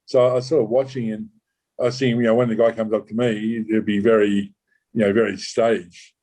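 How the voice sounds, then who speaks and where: A lowish, mellow-toned man tells his own story as a former undercover officer. He talks in halting bursts, restarting sentences and swearing casually as he goes. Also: little pitch movement, poor audio. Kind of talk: recounting a true story in an interview.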